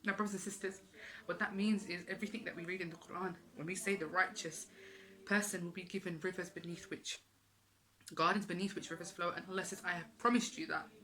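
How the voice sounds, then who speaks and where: A woman's voice: lowish voice, steady tone, a little fast, bright, forceful tone, rough recording. A woman giving an earnest, emotional religious talk, repeating phrases for emphasis. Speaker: Islamic speaker.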